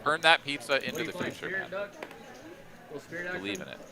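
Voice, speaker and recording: A man's voice: fairly high pitch, moderate pace, vocal fry. Guy doing poker commentary, rambly and casual, lots of likes and uhs, crowd noise behind. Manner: rambling, thinks aloud with many fillers.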